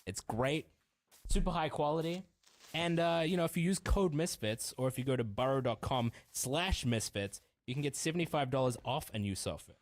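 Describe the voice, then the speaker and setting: A man's voice: a little high, normal speed. A man co-hosting a podcast, reading a sponsor spot casually and enthusiastically, with some swearing. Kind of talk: casual ad read in chat.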